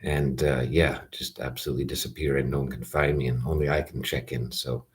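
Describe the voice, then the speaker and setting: A man with an extremely deep, low-pitched voice delivers a loose, rambling rant straight to camera. His tone is sarcastic, and he keeps cutting himself off with fillers and restarts. He sounds like a vlogger airing grievances in one long, meandering take. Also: flat delivery, brisk, few pauses. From Calgary, Canada.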